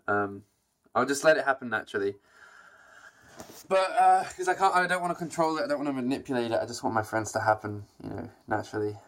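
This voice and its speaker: A man's voice: mid-range voice, lively intonation, quick pace, fairly bright tone. A young man vlogging to his camera in a rambling, reflective way, with many fillers and restarts. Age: young adult. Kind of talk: casual talk to camera.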